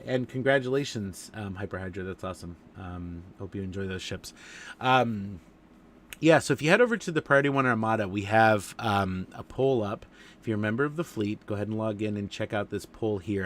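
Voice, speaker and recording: Male stream host, stuffy nasal cold voice, low pitch, loose rambling delivery. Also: slight background noise. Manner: rambling, many fillers and restarts. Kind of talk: casual live stream chat.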